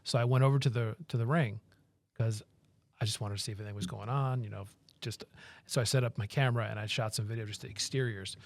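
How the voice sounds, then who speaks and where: Blunt, opinionated sports co-host. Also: male voice, lowish voice, steady tone, quick pace. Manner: blunt and opinionated, tells stories plainly. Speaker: sports anchor co-hosting a sports talk show. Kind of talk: casual sports chat.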